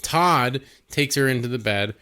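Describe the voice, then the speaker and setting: A man co-hosting a podcast in loose, casual chat, retelling a movie scene by scene. He laughs easily, swears freely and jumps in over his partner. His voice sits at an average pitch. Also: unhurried, bright, forceful tone, smooth. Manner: laughing, overlapping, jokey and profane. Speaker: podcast co-host.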